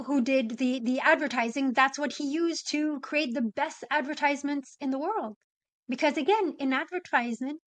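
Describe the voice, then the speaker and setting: A woman in her forties, a podcast guest and coach, explaining ideas in an animated way and acting out example phrasings. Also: sits high, no room sound. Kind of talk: conversational interview.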